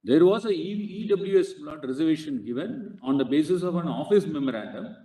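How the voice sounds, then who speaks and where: An Indian English-accented man argues before a court bench in a slightly raised voice. His phrasing is halting and insistent, nearly every clause punctuated with a respectful "Lord". He sounds echoey and roomy, as if picked up by a distant microphone in a courtroom. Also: a little high, animated, warm tone. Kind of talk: courtroom legal argument.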